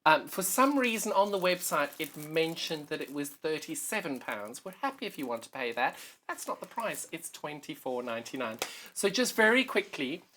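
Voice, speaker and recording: A man's voice: on the high side, big pitch swings, moderate pace, bright, forceful tone, slight background noise. A man with a South African accent presenting a live TV sewing sales show, with jokey, teasing banter. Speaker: shopping channel presenter. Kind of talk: live TV selling chat.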